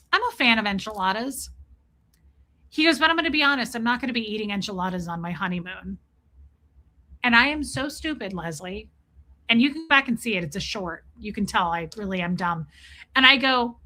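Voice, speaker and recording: A woman hosting a casual livestream, greeting viewers by name and telling a self-mocking story in an animated way. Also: mid-range voice. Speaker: livestream host. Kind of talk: casual livestream chat reading viewer comments.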